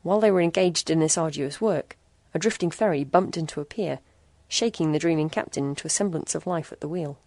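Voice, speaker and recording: A woman narrating a short story in a measured, even storytelling manner. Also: low-pitched. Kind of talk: scripted narration.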